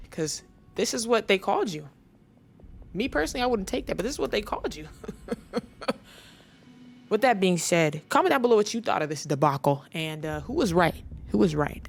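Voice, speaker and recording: Female host, mock-serious sarcastic rant, slightly low voice, faint music bed. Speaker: basketball commentary channel host.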